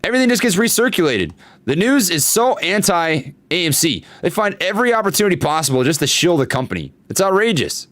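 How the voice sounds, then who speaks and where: A man hosting a casual stock market livestream, chatting with viewers and reading their comments, animated, with plenty of fillers and repeats. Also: sits high, brisk, no room sound. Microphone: desktop studio microphone.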